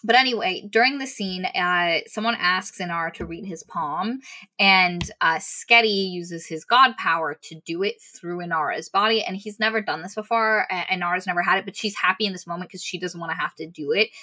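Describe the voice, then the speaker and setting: Woman, casual book recap, animated, bright tone. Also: medium pitch, rough recording. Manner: animated, acts out characters' lines mid-recap. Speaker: book reviewer.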